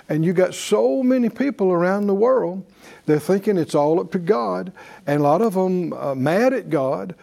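A man's voice: high voice, lively intonation, moderate pace, creaky, warm tone. A man teaching a faith class in a conversational sermon style, with frequent fillers and restarts, leading his audience in call-and-response.

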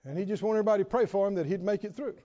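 In a church sanctuary before his congregation, a male pastor preaches with a high, warm voice and rapid-fire delivery. He animatedly tells a humorous story and calls for responses, captured in a dull, reverberant recording.

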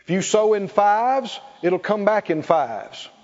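A pastor preaches a sermon, leading his congregation in call-and-response and laughing between points. His voice is high-pitched, animated and darkish, at a slow pace. The church recording is muffled, with a long reverb tail.

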